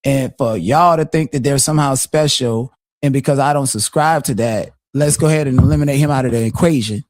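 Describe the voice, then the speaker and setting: Blunt, foul-mouthed man talking fast. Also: mid-range voice, darkish tone, no room sound, clean studio sound. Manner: blunt and profane, fast with many restarts. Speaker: guest on a live show. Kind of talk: casual live-stream chat.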